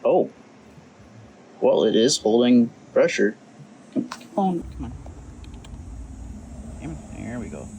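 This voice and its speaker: A man's voice: mid-range voice, expressive, takes it slowly, pauses often, mellow. Dry-humored Midwestern man in noisy garage. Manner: dry self-mocking humor, thinking aloud. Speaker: car restoration vlogger. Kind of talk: casual garage vlog. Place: home garage and driveway, outdoors.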